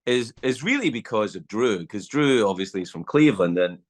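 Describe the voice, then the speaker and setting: A man's voice: fairly low pitch, fairly quick. A middle-aged Scottish man telling a story as a podcast guest, swearing freely and acting out the lines of the people in it. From Scotland. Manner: animated storyteller, acts out quotes, swears freely. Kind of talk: casual storytelling chat.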